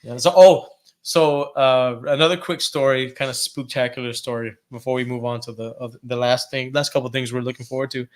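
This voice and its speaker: A man co-hosting a casual horror podcast, telling ghost stories in an animated way, swearing freely and acting out quotes. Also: mid-range voice, brisk. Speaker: podcast co-host. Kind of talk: casual chat, storytelling.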